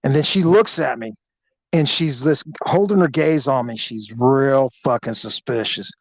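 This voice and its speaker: A man hosting a podcast, telling a story in an animated, crude, joking way. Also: medium pitch, a little slow, no echo, rough recording. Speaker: podcast host.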